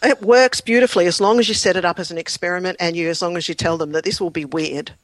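A middle-aged woman, a clinical psychologist, chatting in an interview with lively anecdotes, ums and frequent laughter. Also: lowish voice, fast, no room sound. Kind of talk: conversational interview storytelling.

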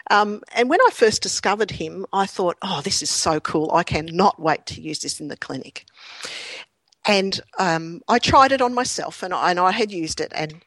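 A middle-aged woman, a clinical psychologist, chatting in an interview with lively anecdotes, ums and frequent laughter. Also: lowish voice, normal speed, dry recording. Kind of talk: conversational interview storytelling.

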